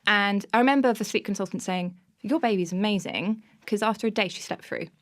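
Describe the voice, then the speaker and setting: A woman in her thirties, a podcast guest telling an animated story in casual interview chat, bursting into laughter often. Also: mid-range voice, a little fast.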